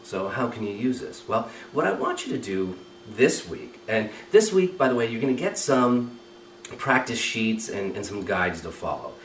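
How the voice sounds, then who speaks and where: A man's voice: on the low side, very animated, moderate pace, reverberant, recorded from a distance, a little hiss or hum, rough recording. A man teaching a recorded training lesson, explaining step by step and often checking with "right?" and "okay?". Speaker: communication trainer.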